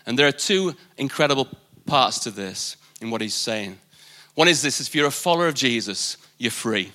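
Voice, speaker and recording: A man's voice: medium pitch, expressive, moderate pace, bright, forceful tone. A man preaching a live sermon at a church service, emphatic, repeating key phrases for weight. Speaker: pastor.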